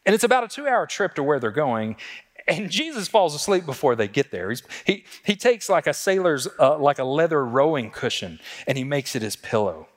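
A man's voice: a little high, big pitch swings, fairly quick, in a large hall. A man preaching a sermon as a pastor, talking conversationally and asking the congregation rhetorical questions.

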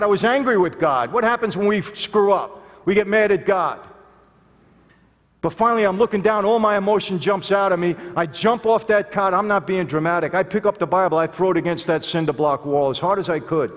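A man's voice: fairly high pitch, moderate pace. A man giving an earnest, emphatic testimony speech to a live audience in a large hall, often calling out to them directly. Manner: earnest, emphatic, addresses listeners as "people". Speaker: speaker telling his life story to an audience. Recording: long hall reverb.

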